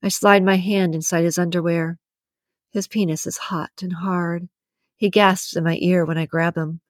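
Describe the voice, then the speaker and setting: A woman reading a first-person romance novel aloud in a breathy, intimate narration. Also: lowish voice, little pitch movement, moderate pace, no echo, studio quality. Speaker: audiobook narrator.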